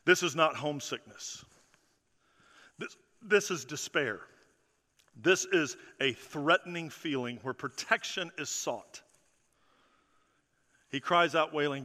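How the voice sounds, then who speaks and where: A male pastor preaches with a high, piercing, sharply bright voice that rings through a large, reverberant church. He leans hard on repetition, stacking phrase after phrase, then sinks low and quiet to let a point land. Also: lively intonation, slow, pauses often. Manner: emphatic preaching with repeated phrases, dropping soft and low for effect. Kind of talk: sermon. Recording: long reverb of a large hall.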